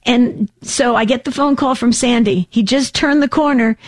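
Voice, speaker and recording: A woman in her sixties, co-hosting a casual radio show, telling a story with animated, acted-out voices. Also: on the high side, normal speed, dry recording. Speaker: co-host.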